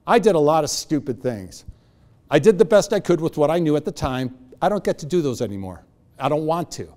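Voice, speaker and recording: A middle-aged man giving a motivational talk, telling stories and acting out the voices of the people in them. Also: fairly high pitch. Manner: animated storyteller acting out voices. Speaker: motivational speaker. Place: event hall.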